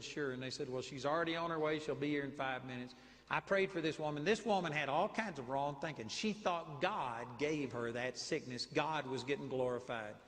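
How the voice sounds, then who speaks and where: Texan preacher, higher-pitched man, animated storytelling in a reverberant hall. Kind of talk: sermon.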